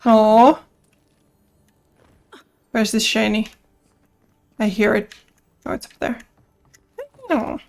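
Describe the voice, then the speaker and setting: A woman's voice: fairly high pitch, steady tone, slow, gravelly, pauses often. A woman streaming a video game, chatting casually and playfully, sneezing now and then and singing silly rhymes. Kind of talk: casual gameplay commentary.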